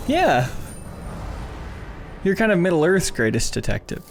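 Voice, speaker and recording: Man, fairly high voice, playful banter, game commentary. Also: wildly swooping pitch, unhurried, slight background noise. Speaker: host. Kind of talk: casual gameplay commentary.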